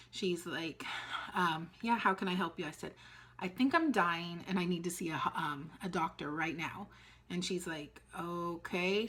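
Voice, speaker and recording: A middle-aged woman tells a story in a relaxed, chatty way, her voice sitting a little low. She jumps into the back-and-forth of each exchange, voicing everyone involved as she goes. The tone is casual and conversational throughout. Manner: animated retelling, acting out dialogue. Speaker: vlogger telling a personal story.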